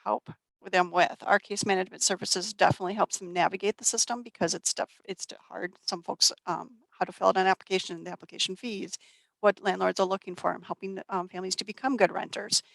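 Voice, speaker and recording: A woman from a family shelter group speaking at a community event, halting and full of fillers and restarts. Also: mid-range voice, fairly even intonation, gravelly, fairly bright tone, no echo, rough recording. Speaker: nonprofit shelter staff. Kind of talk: community presentation.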